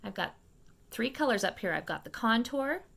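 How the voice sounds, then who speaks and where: A woman hosting a makeup tutorial, talking viewers through each step in a chatty, fast-paced way and often checking in with them. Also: a little high, big pitch swings, gravelly, a bit bright. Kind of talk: casual step-by-step makeup demonstration.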